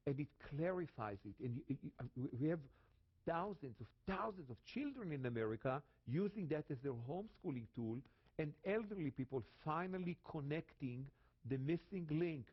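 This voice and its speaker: An Israeli man with a Hebrew accent explains scripture with dramatic flair, repeating key phrases. His voice sits a little high and leaps up and down in pitch. The recording sounds dull and lo-fi. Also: lively intonation, moderate pace, slightly rough. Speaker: guest Bible teacher. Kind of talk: animated Bible teaching.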